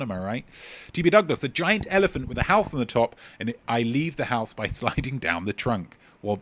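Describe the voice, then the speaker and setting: A young man hosting a casual livestream quiz, joking and rambling as he reads out answers from viewers. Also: fairly low pitch. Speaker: quiz host.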